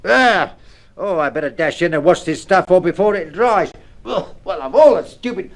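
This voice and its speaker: A man's voice: high-pitched, lively intonation, fairly quick. A man playing a cheerful, evasive working-class father, in 1950s radio acting. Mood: flustered. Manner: chirpy, jokey, brushes questions off.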